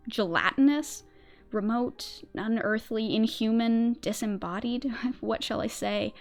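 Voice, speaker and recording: A female streamer gives a theatrical reading of a horror story in a medium-pitched voice. Her narration is tense and swells in volume at the dark moments.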